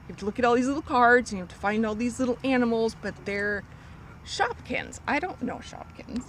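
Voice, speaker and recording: A woman telling a story from her cleaning job in casual talk, acting out a little girl's lines in a high voice. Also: brisk, low-quality recording. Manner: animated, acts out a child's lines in a high voice. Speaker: storyteller guest on a vlog. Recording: faint street noise.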